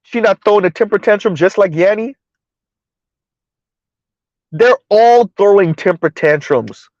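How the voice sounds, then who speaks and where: A man's voice: high voice, expressive, measured pace, a little mellow, no room sound, muffled recording. A man hosting a live stream in casual commentary, mocking and sarcastic as he answers his chat.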